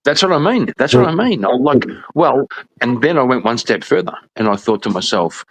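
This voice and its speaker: A man's voice: mid-range voice, moderate pace. A man talking loosely on a podcast panel. He tells stories with energy, laughs a lot and swears casually. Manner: animated storyteller, laughs often, swears.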